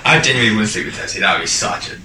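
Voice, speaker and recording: A man's voice: on the low side, lively intonation, racing, sharp tone. A young man, joking and bantering in a casual chat with friends. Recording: roomy, far from the mic, faint noise.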